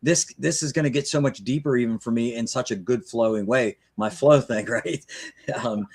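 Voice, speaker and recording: A man's voice: mid-range voice, moderate pace, darkish tone, husky. A middle-aged man hosting a live video call interview, talking eagerly and rambling with many restarts. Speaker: livestream host. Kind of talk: casual interview chat.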